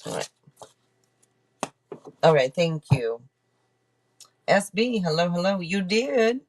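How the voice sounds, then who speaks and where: Speaking slowly with long pauses, this woman has a lowish, expressive voice, and a little hiss or hum sits under the camera-mic audio. She's running a tarot live stream, chatting easily with viewers, thanking donors, checking the chat, and often abandoning sentences to start them over.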